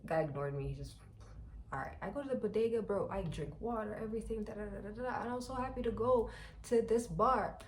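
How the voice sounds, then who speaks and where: A young woman from Rwanda, telling a personal story to her viewers in an animated, chatty way. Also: medium pitch, fast talker, slight background noise. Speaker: vlogger.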